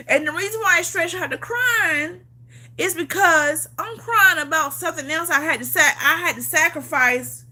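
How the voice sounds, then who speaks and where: A woman's voice: very high-pitched, a little slow, pushed and bright. A woman vlogger telling a personal story in a casual chat. She talks emphatically, repeats herself, swears freely and laughs often. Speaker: vlogger on a livestream.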